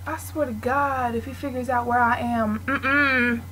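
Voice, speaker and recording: A woman giving let's play commentary, frantic and swearing, yelling at game characters and dropping to a hushed mutter while hiding. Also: a little high, steady tone, unhurried, hardly any pauses, breathy edge. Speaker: gaming channel host.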